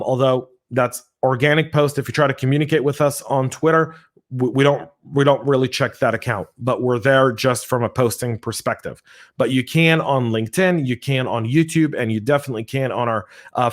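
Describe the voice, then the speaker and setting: An American man hosting a podcast, energetic and animated, telling stories with playful voices. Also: medium pitch. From United States. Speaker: podcast host.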